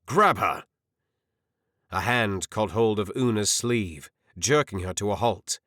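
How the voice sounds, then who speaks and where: A man with a lowish voice delivers scripted narration of a fantasy audiobook, expressive and measured. The recording is dry and studio quality.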